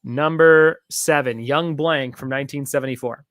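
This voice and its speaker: A man's voice: medium pitch, fairly even intonation, normal speed, fairly bright tone, no echo, studio quality. A man hosting a casual online trivia night, chatting in long rambling asides and repeating each question. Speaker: trivia host.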